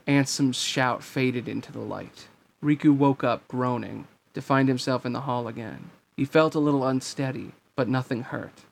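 A man reading a novel aloud in a steady, earnest narration. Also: medium pitch, normal speed, gravelly. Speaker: reader of a fan story.

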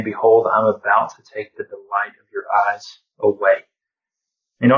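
A man leading an informal Bible study, talking in a reflective, conversational way and often saying "you know". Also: on the low side. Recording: distant, dull lo-fi sound.

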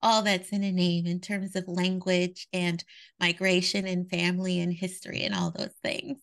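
A woman's voice: fairly low pitch, moderate pace. A woman from Ghana, a children's author and educator, earnestly explaining her ideas in an interview. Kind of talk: interview conversation.

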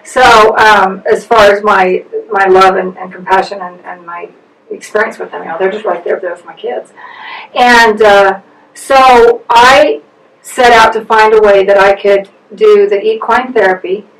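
A woman, a guest on an interview podcast, explaining her work hesitantly and often pausing on "um". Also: medium pitch, fairly even intonation. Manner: hesitant, many "um"s and restarts. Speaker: interview guest, business partner. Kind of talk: conversational explanation. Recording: distant, roomy mic with faint noise.

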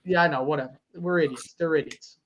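A man's voice: on the high side, fast, a bit bright. A man co-hosting a sports talk show, argumentative and emphatic, often cutting in with "listen" and "bro". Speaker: sports podcast co-host.

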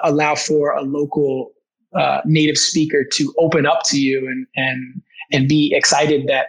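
A man's voice: fairly high pitch, fairly bright tone, husky, rough recording. A man speaking as a guest language teacher, telling a story in casual conversation with enthusiasm and frequent restarts. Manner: enthusiastic, many restarts, acts out quoted voices.

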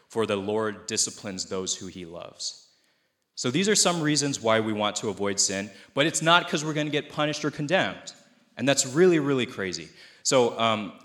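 A man's voice: lowish voice, fairly bright tone. A man in his thirties, a pastor, giving a conversational, self-deprecating sermon in a church. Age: 30s.

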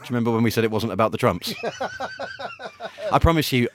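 A man's voice: mid-range voice, lively intonation, a little fast, a crowd in the background. A man co-hosting a podcast in casual chat, teasing his partner with dry quips. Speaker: podcast co-host.

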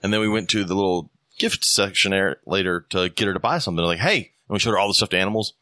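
A low-pitched man talks quickly in a bright, crisp tone, recorded close and dry. He hosts a casual podcast and tells loose stories full of swearing. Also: dry recording. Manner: loose, profane storytelling. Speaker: podcast host. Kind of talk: casual chat.

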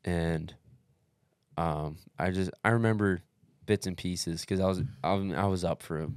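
Low, dry-sounding man spinning a profane, animated story in casual chat. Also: moderate pace, no room sound. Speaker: podcast co-host telling a race story.

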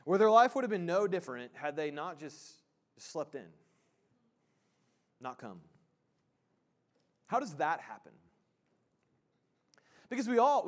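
A man preaching a sermon as pastor in a church, casual and joking, with many fillers and restarts. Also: fairly high pitch. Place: church sanctuary.

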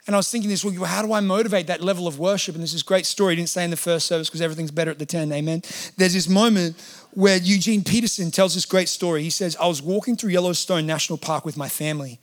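In a church hall, a man delivers a sermon as pastor, earnest and conversational, acting out the quotes he cites. He speaks quickly in a high-pitched voice.

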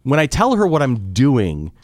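A podcast co-host in his forties chats casually, animatedly acting out quotes as he tells stories. He speaks at normal speed in a mid-range voice.

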